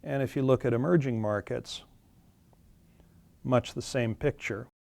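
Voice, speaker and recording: A man's voice: medium pitch, a little slow, gravelly, a little mellow, no room sound. A man explaining charts in a webinar, plainly and with some fillers and self-corrections. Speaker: webinar presenter. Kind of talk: webinar presentation walking through charts.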